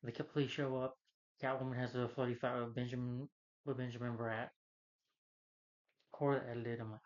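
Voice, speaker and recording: A man rambles through a casual movie recap, stacking fillers and restarting his sentences as he goes. His voice sits at an ordinary middle pitch. The recording sounds dull and lo-fi. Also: flat delivery, moderate pace, long pauses. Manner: rambling, filler-heavy retelling with many restarts. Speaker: film reviewer.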